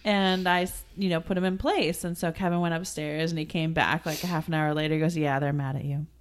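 A woman in her forties chatting casually, telling a story bluntly with quick asides. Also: on the low side, flat delivery, clean tone. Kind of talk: casual chat.

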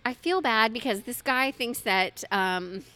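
A bright, clear-toned woman in her thirties chats as a podcast co-host. She tells her stories in an animated, chatty way and often breaks into laughter. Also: on the high side, unhurried. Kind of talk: casual podcast chat.

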